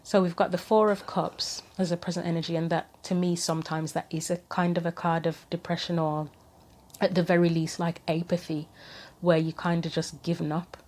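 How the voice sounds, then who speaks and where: A woman giving a casual tarot reading to camera, thinking aloud with frequent pauses, earnest and gently sympathetic. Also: on the low side, level tone. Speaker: tarot reader.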